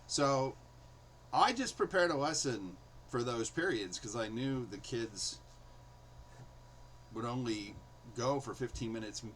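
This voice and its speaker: A man's voice: mid-range voice, fairly bright tone, slight background noise, low-quality recording. A man in his forties, a teacher hosting his own show, casually telling a story from his career with lots of fillers and acted-out quotes. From New York City. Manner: chatty, many fillers, acts out quotes in raised voice. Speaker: host and storyteller.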